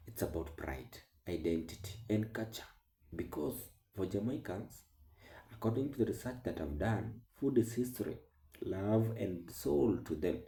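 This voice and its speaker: Deep-voiced man, halting commentary in echo. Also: dark tone. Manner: halting, with many fillers and restarts. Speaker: commentary channel host. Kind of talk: commentary on online clips.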